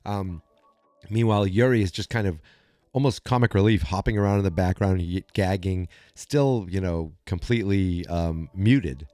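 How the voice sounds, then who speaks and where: A man hosts a podcast and recaps an episode in a chatty, animated way. His voice sits a little low. The recording is close and dry with no room sound. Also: normal speed, no room sound. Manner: chatty, animated storytelling with many fillers and restarts. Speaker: podcast host.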